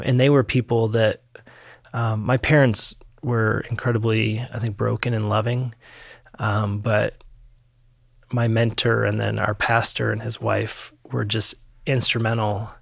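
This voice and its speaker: This man has a gravelly, slightly husky voice and tells his story in a halting, reflective way, full of pauses and ums. He sounds close to the mic in a dry room. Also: on the low side, level tone, no room sound. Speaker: podcast guest. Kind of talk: candid personal testimony.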